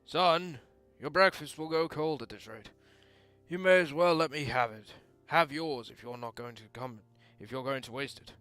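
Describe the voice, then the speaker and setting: Hearty storybook father, loud and theatrical, a bright put-on accent, as a man reads him. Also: medium pitch, normal speed, dry recording, faint music behind, close to an everyday voice. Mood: jovial. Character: jovial booming middle-aged father.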